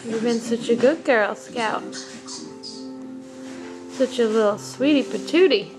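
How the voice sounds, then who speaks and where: A woman's voice: fairly high pitch, slow pace, long pauses. A mother filming her newborn, speaking in cooing, doting baby talk over music. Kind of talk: home video baby talk.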